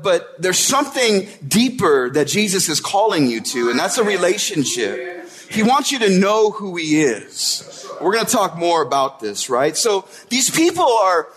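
A man's voice: high voice, very animated, moderate pace, fairly bright tone, breathy edge. A man preaching a sermon in a casual, conversational way, often checking in with his listeners. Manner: conversational preaching, tag questions like "right?". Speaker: pastor.

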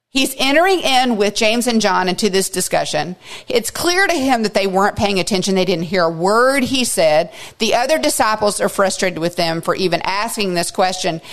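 A woman teaching a Bible study, reading scripture aloud with emphatic, expressive asides. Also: mid-range voice.

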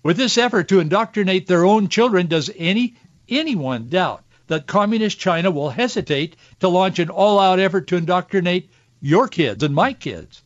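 Fired-up preachy radio host guy, pretty high voice, dead dry muffled mic. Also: no echo. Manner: earnest and preachy, growing emotional. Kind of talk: impassioned Christian radio commentary. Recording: dull, dry studio sound.

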